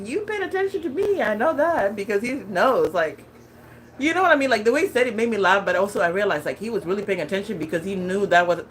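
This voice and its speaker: A woman's voice: mid-range voice, slight background noise, poor audio. A woman in her thirties chatting casually as a lifestyle vlogger, laughing often and talking with many fillers and restarts. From California. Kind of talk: casual chat.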